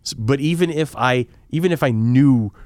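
This podcast co-host, a man in his forties, keeps things casual, bringing his stories to life by performing the quotes. He speaks in a mid-range voice at a moderate pace, with clean studio sound and no room echo.

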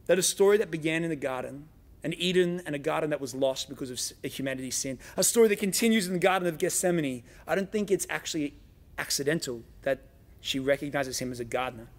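Gravelly-voiced man preaching a sermon. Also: fairly high pitch, quick pace. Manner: dramatic storytelling, voicing quoted lines. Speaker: pastor.

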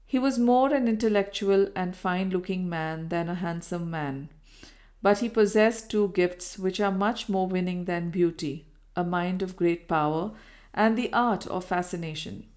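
A woman narrating a Victorian novel as an audiobook, in a measured storytelling manner. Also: fairly low pitch, a little mellow. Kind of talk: scripted narration.

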